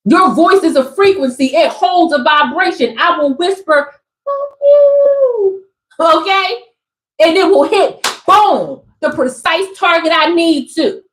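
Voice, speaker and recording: High-voiced, emphatic woman preaching. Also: measured pace, a bit bright. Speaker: spiritual content creator. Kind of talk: casual spiritual pep talk to viewers. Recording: echoey room.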